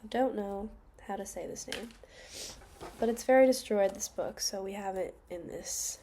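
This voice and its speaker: Woman, casual storybook reading, soft, half-whispered, mellow warm tone. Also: mid-range voice, moderate pace, slight background noise. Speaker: reader.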